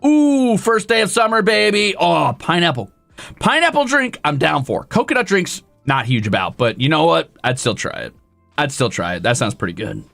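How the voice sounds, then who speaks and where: A man's voice: mid-range voice, big pitch swings, normal speed, vocal fry, a bit bright, no room sound, soft background music. A male streamer chatting casually with his viewers, rambling and poking fun at himself. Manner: rambling, self-deprecating, talks to chat. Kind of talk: casual livestream chat.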